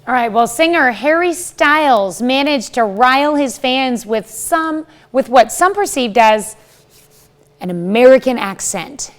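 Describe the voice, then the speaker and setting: A woman with a fairly high voice anchors a morning news show. She introduces a segment and then adds a relaxed, wry aside. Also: measured pace.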